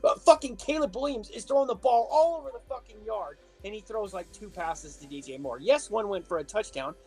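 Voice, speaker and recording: A man co-hosting a casual podcast, swearing his way through a lively story. Faint music sits behind his voice. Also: sits high, fairly quick. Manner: animated storytelling, heavy swearing. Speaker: podcast co-host. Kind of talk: casual chat.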